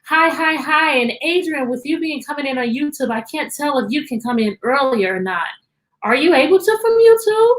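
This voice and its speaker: A woman's voice: high-pitched, lively intonation, moderate pace. A woman teacher hosting a live-streamed storytime from her computer at home, cheerfully greeting children by name.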